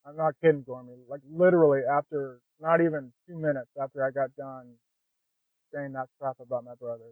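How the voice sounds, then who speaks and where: This man has a mid-range voice with fairly even intonation and a brisk pace, and there's no echo. Appearing as a podcast guest, he shares his personal story in a frank, chatty way, peppered with "man" and "you know," and the sound is dry and narrow like a phone line.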